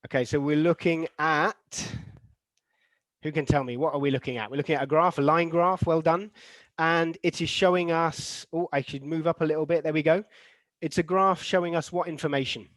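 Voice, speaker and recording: In a dry recording, a man with a somewhat high, slightly bright voice speaks at a normal pace with fairly level intonation. He's teaching teachers online: reading chat responses, quizzing the group, and voicing sample sentences to show where the stress falls. His delivery is full of fillers and false starts as he demonstrates stress patterns out loud.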